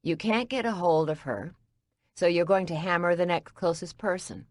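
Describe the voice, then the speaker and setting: A woman's voice: on the low side, moderate pace, no room sound, studio quality, lightly acted. A woman voicing a wry, blunt older female coworker in an audiobook.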